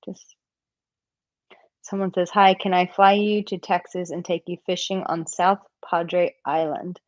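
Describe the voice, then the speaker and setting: A woman's voice: on the low side, flat delivery, a little slow, dry recording, dull audio. An American woman who coaches men on dating, chatting casually on a live-stream Q&A with lots of filler words. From United States. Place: home, living in Portugal.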